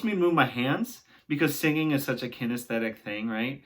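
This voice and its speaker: A young adult man teaching singing, guiding a vocal warm-up and often checking in with "right?". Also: medium pitch, lively intonation, fairly quick. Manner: encouraging, talks along with exercises, often ends with "right?". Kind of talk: guided vocal warm-up lesson.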